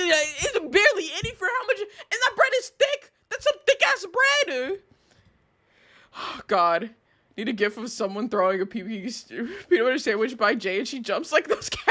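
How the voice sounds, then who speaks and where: Woman streamer, bright and high, animated rants. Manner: animated, outraged ranting with laughs. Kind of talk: casual live-stream chat.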